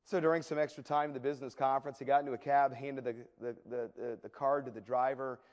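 A male preacher telling a story in a sermon, animated and often repeating words as he goes. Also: medium pitch, fast talker, muffled recording. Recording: echoey hall with long reverb.

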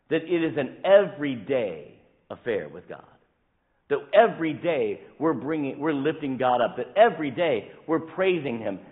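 Male pastor, emphatic sermon, lively rising and falling pitch, thin phone-like sound. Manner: emphatic, rising and dropping with stretched words. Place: church sanctuary. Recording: phone-like sound in a reverberant hall.

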